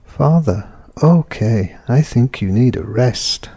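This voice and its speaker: A man's voice: a little high, very animated, slow, dark tone, breathy edge, pitched above the performer's own voice, exaggerated voice. A man reading a caring father's lines. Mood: concerned. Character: caring father asking his son.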